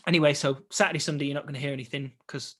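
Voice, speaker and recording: Lively young man telling a story. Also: on the high side, rapid-fire. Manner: lively, acts out remembered conversations. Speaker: guest, stage actor. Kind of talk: casual interview storytelling.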